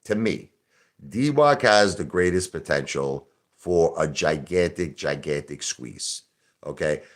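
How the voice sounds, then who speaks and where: A man hosting a casual live stream, talking in a brash, combative rant. His voice sits very low. He hammers his points by repeating them. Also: expressive, takes it slowly.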